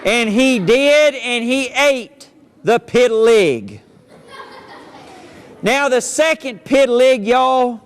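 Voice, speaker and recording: High-voiced folksy storyteller man. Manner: folksy, playful drawl. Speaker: cowboy poet and storyteller. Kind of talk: storytelling and recited poetry for children. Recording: long hall reverb.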